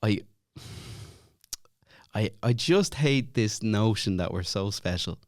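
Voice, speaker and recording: A man's voice: fairly low pitch, slow, no echo, studio quality. An Irish man chatting as a podcast guest, laughing and swearing a lot as he tells stories. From Ireland. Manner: laughing, swearing, animated storytelling. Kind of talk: casual chat.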